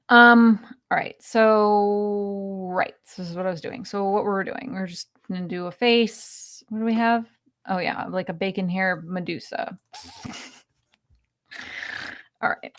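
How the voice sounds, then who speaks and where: A woman's voice: mid-range voice, fairly even intonation, unhurried, long pauses, fairly bright tone. A woman casually walking through an AI image tool on screen, rambling and chatty with lots of fillers and an easy giggle. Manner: giggly, laughs easily. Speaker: video creator demoing an AI image tool. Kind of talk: casual screen-share walkthrough.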